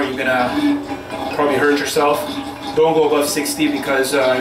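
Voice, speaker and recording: A man vlogging from an ice bath in his bathroom, shivering and breathing heavily, rambling and swearing as he talks himself through the cold. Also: mid-range voice. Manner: rambling, profane, self-talk between gasps. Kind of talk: casual vlog narration. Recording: echoey bathroom, mic at a distance.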